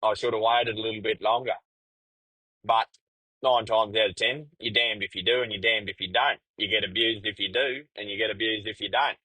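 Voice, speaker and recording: A middle-aged Australian podcast host and truck driver spins a laid-back, crude yarn from his trucking days, swearing freely. His husky, sharp-toned voice is on the low side, fairly even, and a little fast, on poor audio with no room sound.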